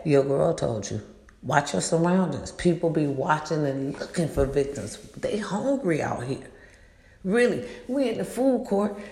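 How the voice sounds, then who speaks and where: A middle-aged woman, a mother, telling a casual story in a blunt, animated way and swearing freely. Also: low-pitched, gravelly. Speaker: vlogger. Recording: echoey room.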